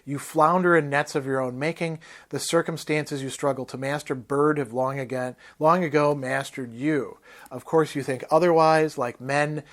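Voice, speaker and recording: A man's voice: a little high, steady tone, moderate pace, lightly acted. A man reading as a scornful barbarian warrior. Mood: contemptuous.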